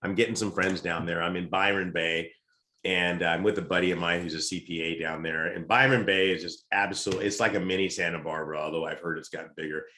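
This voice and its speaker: A middle-aged man with a lowish voice tells lively stories as a podcast guest, in a casual way. The room around him is echoey. He talks like someone spinning a tale among friends. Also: a little fast, slight background noise. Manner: lively anecdotal storyteller. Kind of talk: casual storytelling. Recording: roomy echo.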